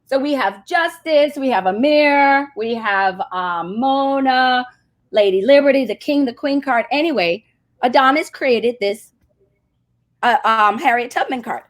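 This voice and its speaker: A woman's voice: high-pitched, measured pace. A woman, a marketing agency CEO, telling a story as a guest in a casual interview and acting out the voices she quotes. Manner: animated, acts out quoted voices.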